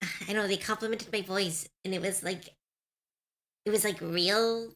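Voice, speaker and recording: A woman streamer chatting casually on a live stream, musing softly and answering her chat. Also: medium pitch, steady tone, normal speed.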